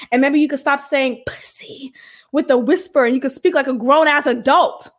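A young adult woman with a high-sitting voice hosts a solo podcast at a moderate pace. She speaks bluntly and candidly, swearing and laughing along the way.

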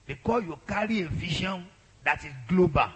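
A man preaching a sermon as a pastor, leading a congregation in loud, exhorting prayer. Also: high voice, moderate pace, slightly rough, dull audio.

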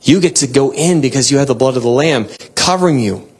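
A man preaching a devotional sermon and reading scripture, earnest and exhorting, with bursts of excitement and soft laughs. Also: mid-range voice, fast talker, husky.

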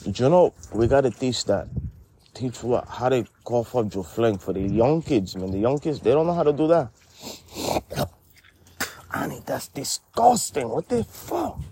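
A man's voice: medium pitch, very animated, a little slow, mellow, slight background noise. A man voicing a brash middle-aged character with a Spanish-inflected English accent who calls everyone honey and rambles in street slang. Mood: indignant. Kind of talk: comedy sketch dialogue.

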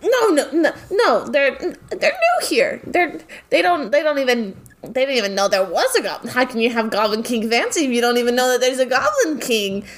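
A woman voicing a nervous, friendly female guide who stammers and rushes her words. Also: high voice, big pitch swings, a little hiss or hum, voice pushed up. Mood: flustered. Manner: flustered, stammering, quick.

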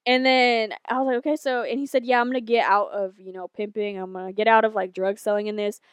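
A woman's voice: medium pitch, fairly even intonation, fast, clean tone, no room sound. A young woman co-hosting a podcast, telling a long rambling story in casual, profane chat. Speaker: podcast co-host.

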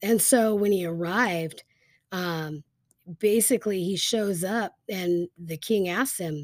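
A woman's voice: on the low side, slow pace, no echo. Chatty lady telling a bible story, lots of likes and you knows, dry sound. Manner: chatty, animated retelling with lots of fillers. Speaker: Bible teacher. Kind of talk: casual Bible story retelling.

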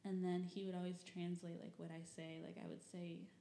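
A woman's voice: fairly low pitch, flat delivery, brisk, vocal fry, dark tone, reverberant, a little hiss or hum. A young woman from Michigan telling personal stories and reading old diary entries in a rambling, candid way, full of fillers and the odd curse. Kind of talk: personal storytelling.

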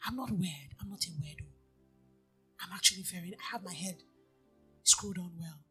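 A woman preaching a sermon, telling stories and moving from hushed, near-whispered talk to loud exhortation. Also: on the low side, normal speed, faint music behind.

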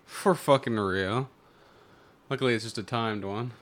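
Man, relaxed film watch-along commentator, mid-pitched, easygoing and laughing. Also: measured pace. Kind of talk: casual chat over a film.

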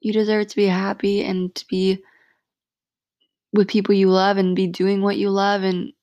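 A woman's voice: medium pitch, completely flat delivery, normal speed, darkish tone, no echo. A young woman hosting a solo podcast, talking frankly and from the heart, swearing freely and saying "like" a lot. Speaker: podcast host. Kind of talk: casual solo podcast monologue.

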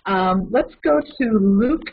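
A man preaching a lively, conversational Bible lesson, retelling a story with asides to his listeners. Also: sits high, slow, vocal fry, narrow, tinny audio, a little hiss or hum. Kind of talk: storytelling sermon.

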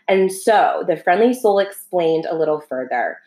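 A woman narrating a storybook in a gentle, unhurried way. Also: fairly low pitch, animated. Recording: roomy echo.

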